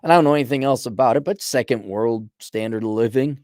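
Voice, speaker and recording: A man's voice: medium pitch, fast talker, darkish tone, no echo, clean studio sound. A man hosting a casual rant show, answering a viewer's letter in a blunt, profane, rambling way with lots of restarts. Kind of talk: casual ranting commentary.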